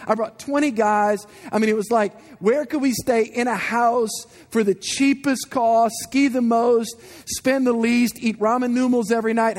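Very high-voiced preacher man in his forties. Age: 40s. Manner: animated storytelling, asks the congregation questions. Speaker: guest preacher. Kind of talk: sermon with personal stories.

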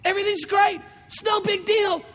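A man's voice: extremely high pitch, flat delivery, moderate pace, a bit bright, pitched above the performer's own voice. A man voicing a wheedling male tempter spirit who coaxes people to make light of wrongdoing. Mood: coaxing. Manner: coaxing, smooth-talking, making light of sin. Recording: long reverb of a large hall.

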